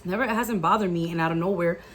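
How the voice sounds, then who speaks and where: A woman's voice: on the low side, fast talker, fairly bright tone, slight background noise. A young adult woman telling a personal story to her viewers in a casual, chatty way, full of "like" and "guys". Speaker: YouTuber telling a personal testimony.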